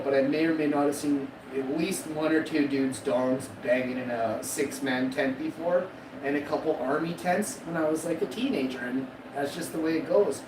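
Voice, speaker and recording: A man in his forties spins a long, profane, boastful story on a live stream, laughing at his own punchlines. His voice sits back from the mic in an echoey room. A steady wash of loud background noise runs under everything. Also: a little high, distant mic. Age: 40s.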